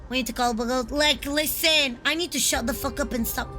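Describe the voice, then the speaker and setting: A woman streamer giving live game commentary, excitable and profane, blurting out reactions. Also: high voice, brisk, music in the background.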